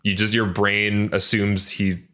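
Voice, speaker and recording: A man with a very deep voice chimes in eagerly on a relaxed podcast panel. He recalls details with quick enthusiasm. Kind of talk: casual chat.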